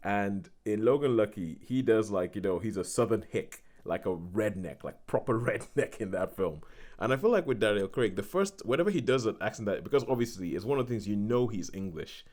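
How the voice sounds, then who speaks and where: A man's voice: lowish voice, lively intonation, brisk, a little mellow. A man hosting a podcast, chatting casually about films with a rambling manner and frequent restarts. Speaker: podcast host. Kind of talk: casual film chat.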